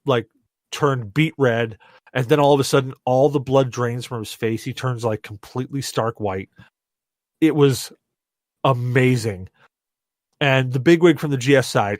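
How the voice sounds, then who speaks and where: A young man hosts a casual podcast, a little tipsy from rum and telling a story with loose, animated energy. He swears freely and laughs at his own punchlines. His mid-range voice sounds dry and close, with no room around it. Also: medium pitch, no echo. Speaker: podcast host.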